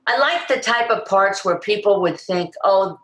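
An older actress chats in a casual interview, telling stories with energy and acting out quoted lines through big vocal leaps. Her voice is mid-range, animated and a bit bright at a normal pace, and the room echoes.

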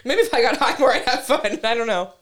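Fast-talking young woman, chatty. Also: a little high, animated. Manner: chatty storyteller, swears freely, laughs often. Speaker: podcast co-host. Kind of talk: casual chat. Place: lived in a place with basements, now in Texas.

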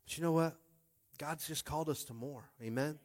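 A young man preaching a sermon as pastor, conversational and animated, calling out to the congregation. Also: on the high side, brisk.

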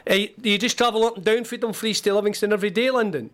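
A Scottish man co-hosting a football radio show, bantering with a guest in a jokey, laughing way. His voice sits fairly high for a man. He talks casually, as a former player among friends. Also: rapid-fire, fairly bright tone. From Scotland. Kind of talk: casual sports radio chat.

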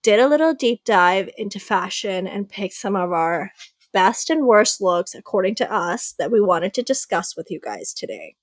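A woman's voice: mid-range voice, expressive, moderate pace, dry recording, clean studio sound. A young woman co-hosting a casual fashion chat, gushing with enthusiasm over red carpet looks. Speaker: co-host.

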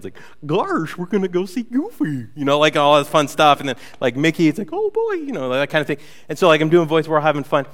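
Lively preaching man in a reverberant hall. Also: medium pitch. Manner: animated storytelling with playful asides. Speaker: pastor. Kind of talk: conversational sermon.

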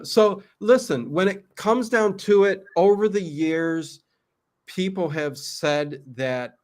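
A man hosting a casual talk show, telling a story animatedly with many fillers. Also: medium pitch. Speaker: podcast host. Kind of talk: casual chat.

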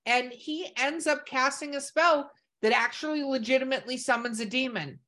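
A woman's voice: high voice, moderate pace, bright, forceful tone. A woman co-hosting a podcast in casual chat, talking in a chatty way full of "like". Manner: chatty, lots of "like". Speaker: podcast co-host.

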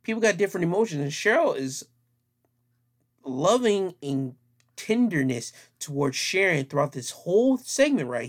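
Emphatic man giving opinion commentary. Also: on the high side. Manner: emphatic, repetitive, plainspoken.

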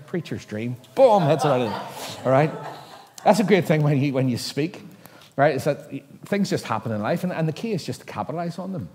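A middle-aged pastor preaches a sermon from a stage mic in a large church hall, where the long reverb lingers. His voice is fairly high and a little mellow, and he tells stories in a chatty, self-mocking way, laughing at them himself.

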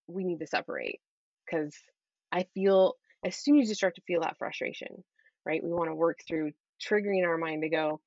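A middle-aged woman speaking as a guest in an interview, earnest and encouraging, often checking in with a quick "right?". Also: mid-range voice, no room sound, lo-fi sound. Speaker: guest, Christian parenting coach. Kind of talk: conversational interview.

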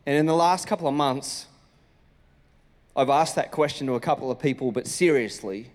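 A man's voice: medium pitch, normal speed, darkish tone. A man with an Australian accent, a senior pastor giving a sermon in a conversational, storytelling way, acting out the greetings he quotes. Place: church auditorium. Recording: long reverb from a church hall.

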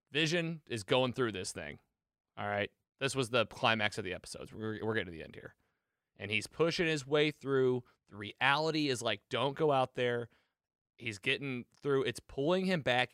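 A man hosting a casual show, recapping an episode in an excitable, chatty way with lots of fillers. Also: mid-range voice, dry recording, clean studio sound. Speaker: podcast host.

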